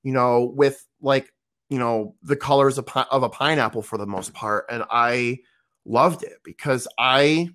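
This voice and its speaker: A man's voice: mid-range voice, measured pace, fairly bright tone. Rambling man in his thirties. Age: 30s. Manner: rambling, many fillers and restarts. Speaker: podcast guest. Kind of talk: casual storytelling.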